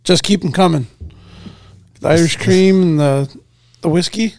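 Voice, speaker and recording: A man co-hosting a casual podcast chat, chatty and quick to laugh, often restarting his sentences. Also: fairly high pitch, a little mellow, dry recording.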